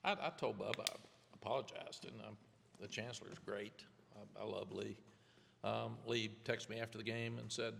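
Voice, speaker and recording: Gravelly older man, press room echo. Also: lowish voice, little pitch movement, normal speed, a bit bright, slight background noise. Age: 70s. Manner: candid, rambling, self-deprecating with restarts. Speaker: head football coach. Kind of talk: press conference answers.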